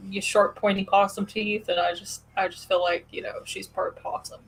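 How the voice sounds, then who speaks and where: This is a woman with a twang, chatting as the host of a loose, friendly conversation. She tells animated stories, padding them with "like" and "you know" and laughing along the way. Her voice sits at an ordinary middle pitch. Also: moderate pace, rough recording. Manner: animated storyteller with frequent laughs and fillers. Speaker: podcast host. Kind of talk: casual chat.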